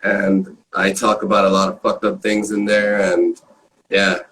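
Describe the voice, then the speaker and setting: A man from Los Angeles, a guest artist chatting casually with a laid-back, surfer-style voice, swearing often and filling pauses with um and like. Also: on the low side, completely flat delivery, a bit bright, distant mic, faint music behind, low-quality recording. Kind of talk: casual chat.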